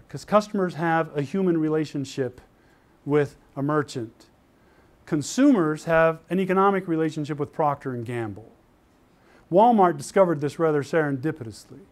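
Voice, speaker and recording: An older man from Utah giving an animated university lecture, telling stories and acting out the voices of the people in them. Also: on the high side. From Utah, USA. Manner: lively storytelling, acts out quoted voices. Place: lecture hall.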